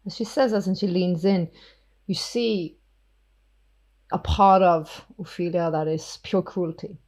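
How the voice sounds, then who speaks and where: Husky woman narrating a tabletop game. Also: fairly low pitch, steady tone, a little slow, pauses often, a little mellow, poor audio. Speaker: game master.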